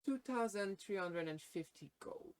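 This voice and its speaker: A woman narrating as game master of a tabletop game, speaking in a hesitant, halting way full of fillers. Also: medium pitch, lively intonation, darkish tone, smooth, rough recording.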